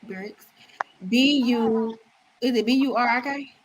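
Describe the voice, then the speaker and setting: A woman with a Southern US accent co-hosting a live stream, loud and teasing, swearing freely in casual chat. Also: fairly high pitch, takes it slowly, slight background noise. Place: home room on a live stream.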